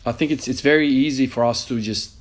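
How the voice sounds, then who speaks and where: A man in his thirties who works as an emergency nurse tells a story earnestly for a motivational vlog, using many fillers. His voice is mid-range and his delivery fast.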